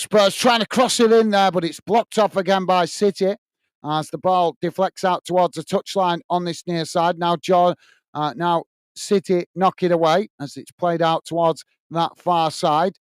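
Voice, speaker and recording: Steady, blow-by-blow commentary on a live match comes from a man with a slightly high, smooth voice and no echo. Between moves, he thanks chat viewers by name.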